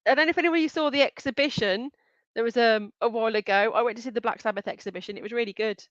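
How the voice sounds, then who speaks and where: A woman's voice: on the high side, fast, a bit bright, dry recording, muffled recording. A woman hosting a live online quiz, reading out answer options and names in a chatty way and giggling often. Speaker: quiz host.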